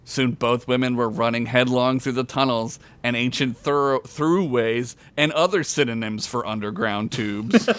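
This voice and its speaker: A man's voice: mid-range voice, lively intonation, takes it slowly, fairly bright tone. A man reading his own comedic story aloud on a podcast, with crude, self-mocking asides and frequent laughter. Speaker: podcast co-host telling a story. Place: podcast recording.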